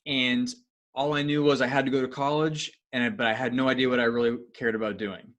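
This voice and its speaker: A man's voice: mid-range voice, flat delivery, a little fast, a bit bright. A man co-hosting a podcast, asking his questions in a friendly, rambling way and often restarting his sentences. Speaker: podcast co-host. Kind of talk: casual podcast interview.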